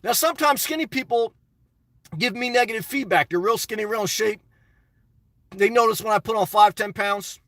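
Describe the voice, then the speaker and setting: Man, middle-aged, high bright voice, dry close sound, blunt rambling chat. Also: moderate pace, long pauses, no room sound, recorded from a distance. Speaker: channel host answering live chat. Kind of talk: casual live-stream chat.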